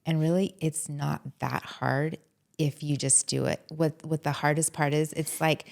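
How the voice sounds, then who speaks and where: A woman therapist speaking as a podcast guest, talking in a casual, animated and heartfelt way about her work. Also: deep voice, unhurried, gravelly. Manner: animated, acts out quotes from clients and herself.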